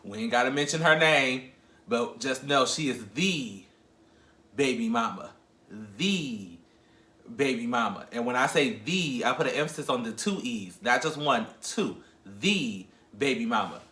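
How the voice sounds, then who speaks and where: A man's voice: mid-range voice, moderate pace, bright, forceful tone. A man hosting a podcast, chatting casually and sassily about celebrity gossip, laughing often as he goes. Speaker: podcast host. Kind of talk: casual pop-culture commentary. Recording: echoey room.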